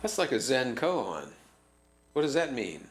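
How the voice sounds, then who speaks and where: A man's voice: medium pitch, very animated, unhurried. A man coaching a storyteller, probing with questions in conversation. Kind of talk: conversational interview.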